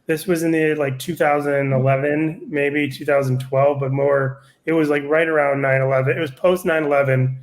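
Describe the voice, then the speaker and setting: A man in his forties with a fairly high voice tells a story as a podcast guest. He is a stand-up comedian who swears freely and keeps the telling animated and loose. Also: normal speed, few pauses. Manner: profane, animated anecdote-telling.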